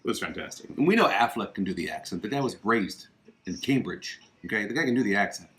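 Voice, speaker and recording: A man talks loosely and at length from his living room, hosting a live show about movies. His voice sits on the low side, and he gets emphatic and opinionated when he pushes a point. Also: animated, fast talker, a bit bright. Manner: chatty and opinionated, emphatic asides. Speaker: podcast host. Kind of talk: casual livestream chat about films.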